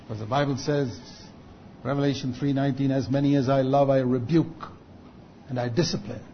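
A man preaching a sermon, building to loud, drawn-out emphasis at key points. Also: mid-range voice, steady tone, a little hiss or hum. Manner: rises to loud, drawn-out emphasis on quoted rebukes. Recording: dull lo-fi recording.

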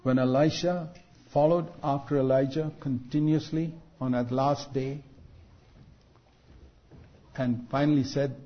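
A man preaching a sermon, building to loud, drawn-out emphasis at key points. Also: medium pitch, fairly even intonation. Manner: rises to loud, drawn-out emphasis on quoted rebukes. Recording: dull lo-fi recording.

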